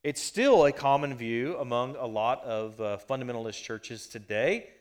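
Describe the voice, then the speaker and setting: A man preaching from a church stage in an even, mid-pitched voice. He teaches through a passage point by point and checks in with his listeners as he goes. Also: moderate pace. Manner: explanatory teaching, frequent "all right" check-ins. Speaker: pastor. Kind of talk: sermon.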